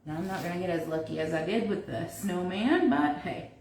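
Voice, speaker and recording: A chatty woman talks viewers through a craft project live from her home kitchen, thinking aloud as she works. Her voice sits at an ordinary pitch and is picked up from a few steps away. The room is echoey, with a faint hiss underneath. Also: a little fast, a little mellow. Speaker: crafter hosting a livestream. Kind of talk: casual live craft demo, talking while working. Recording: echoey room, mic at a distance, faint noise.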